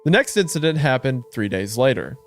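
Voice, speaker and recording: A man co-hosting a horror podcast, trading jokes with quick laughs and dropping into a hushed voice to read the story. His pitch sits in an ordinary middle range. Soft music plays faintly under him. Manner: animated, laughs often, reads narration in a lower hushed tone. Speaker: podcast co-host reading a story. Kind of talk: casual horror podcast chat with story reading.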